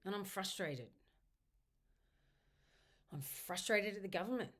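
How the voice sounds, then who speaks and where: A woman leading a guided tapping exercise, speaking slow, repetitive first-person affirmations. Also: mid-range voice, expressive, a bit bright. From Australia. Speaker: EFT tapping instructor. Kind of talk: guided tapping script spoken aloud.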